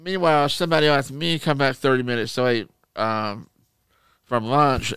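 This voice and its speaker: A man co-hosting a podcast, telling stories in casual chat, animated and profane. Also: medium pitch, normal speed, clear, resonant tone, no echo. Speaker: podcast co-host.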